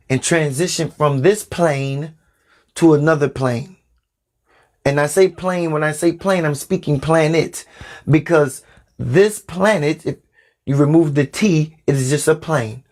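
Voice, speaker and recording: A man hosting a spiritual podcast, delivering a sermon with slow, deliberate, preacherly emphasis. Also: fairly high pitch, darkish tone.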